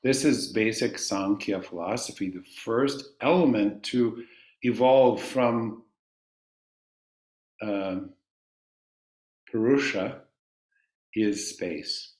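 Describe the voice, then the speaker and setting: A man teaching a chanting class, calmly explaining ideas and singing long vowels for his students to repeat. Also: fairly low pitch, slow pace, pauses often, echoey room.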